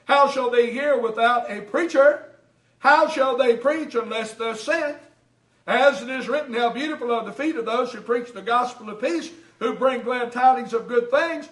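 Male preacher, high voice, fiery sermon delivery, roomy hall sound. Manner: preaches with rising shouts and quick asides to the congregation. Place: church hall. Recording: echoey hall, mic at a distance.

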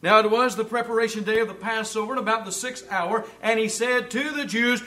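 A man preaching a sermon, reading scripture aloud, asking rhetorical questions, and swinging between loud emphasis and hushed asides. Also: high-pitched, moderate pace. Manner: asks the congregation rhetorical questions.

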